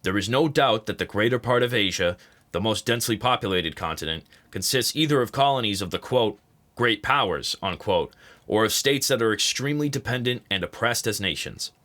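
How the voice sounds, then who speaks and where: A man reading a political text aloud as an audiobook, saying the quote marks and parentheses out loud. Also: on the low side, animated, brisk. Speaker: audiobook reader. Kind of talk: read-aloud nonfiction narration.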